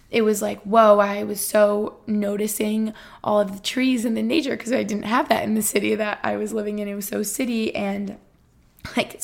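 A woman's voice: mid-range voice, gravelly. A young woman in her twenties hosting a casual solo podcast, chatty and bubbly with lots of fillers. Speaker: podcast host.

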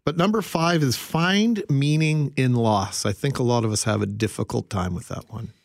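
A man's voice: mid-range voice, normal speed, gravelly, dry recording. Give me a reflective male radio co-host, recorded dry in the studio. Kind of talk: radio talk show co-hosting.

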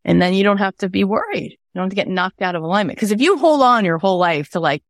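A woman in her thirties hosting a podcast, giving a casual motivational talk in an earnest, animated way with emphatic repetition. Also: mid-range voice, fast, dry recording, clean studio sound. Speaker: podcast host.

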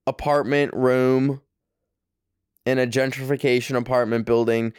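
A man's voice: medium pitch, smooth, no echo, clean studio sound. A young man from Canada hosting his own podcast, talking in a loose, rambling monologue full of fillers and swearing, recorded in his small apartment bedroom. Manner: rambling, profane, heavy on fillers. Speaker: podcast host. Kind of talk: casual monologue.

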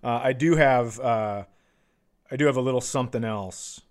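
A man's voice: medium pitch, moderate pace. A man hosting a podcast who tells his stories in a wry, laid-back way. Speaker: podcast host. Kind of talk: casual storytelling chat.

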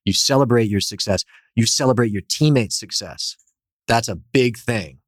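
A man, a company founder, telling energetic stories as a guest in a casual interview. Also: mid-range voice, normal speed, no echo, clean studio sound. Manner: animated, energetic storyteller.

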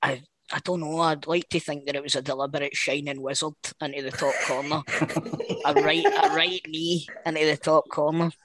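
A man's voice: on the high side, normal speed. A Scottish man co-hosting a football podcast, telling stories casually and swearing. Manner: animated anecdote teller, sweary. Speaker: podcast co-host. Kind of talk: casual chat, storytelling.

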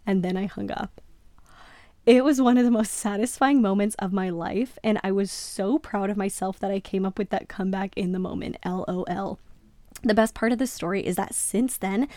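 A woman hosting a podcast speaks close to the microphone in a dry, dead room, at a mid-range pitch for a woman. She reads a listener's story aloud, then breaks into lively, emphatic reactions. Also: normal speed, no room sound. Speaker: podcast host.

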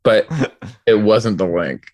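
A man's voice: lowish voice, slow, a little mellow, dry recording. A man telling a story in casual comedic banter, laid-back and slangy.

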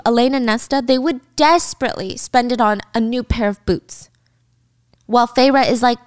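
A woman's voice: fairly high pitch, no echo, studio quality. A young woman in casual chat, animatedly retelling a book's plot and slipping into quoted lines. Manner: animated storyteller, slips into character quotes. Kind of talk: casual book recap chat.

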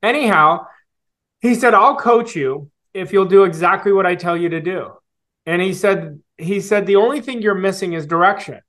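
A man in his forties, a coaching guest, telling his story in an earnest, reflective way with fillers and pauses. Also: high-pitched, fairly bright tone. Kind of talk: storytelling interview answer.

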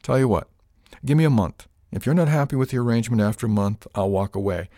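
A man's voice: medium pitch, lively intonation, fast talker, dark tone, no echo, studio quality, pitched above the performer's own voice, lightly acted. A man voicing an eager, loyal young woman crew member, earnest and determined, in an audiobook.

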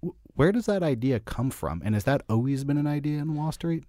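A man hosting an interview, asking questions in a relaxed, conversational way. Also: fairly high pitch, fairly quick, no room sound. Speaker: podcast host interviewer.

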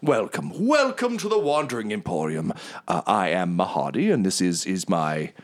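A man voicing a gregarious, smooth-talking male tiger merchant who apologizes effusively and speaks in flowery terms. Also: sits low, very animated, moderate pace.

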